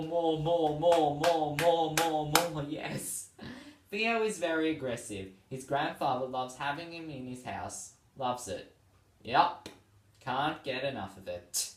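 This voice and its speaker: A man's voice: medium pitch, a bit bright. A tired man hosting a vlog, reading tweets aloud in casual chat and laughing often between them. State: tired and yawning. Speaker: vlog host. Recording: roomy sound, distant from the mic.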